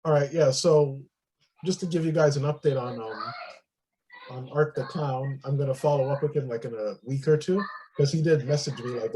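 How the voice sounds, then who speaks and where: A man co-hosting a podcast in casual chat, relaxed and matter-of-fact. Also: medium pitch, fairly quick, slight background noise, poor audio. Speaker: podcast co-host.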